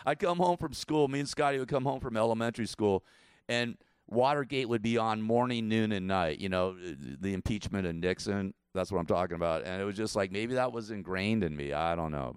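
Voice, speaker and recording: A man's voice: fairly low pitch, smooth, no echo, studio quality. A man around sixty hosting his own show, giving casual political commentary in a rambling way, repeating himself and chuckling often. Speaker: show host.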